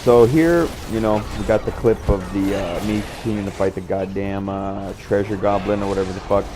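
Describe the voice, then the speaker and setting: A man's voice: sits low, fairly even intonation, a little fast, background noise. A young man casually commentating on his own gameplay clips, rambling and swearing with lots of filler words. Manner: rambling, profane, laid-back, heavy on filler words.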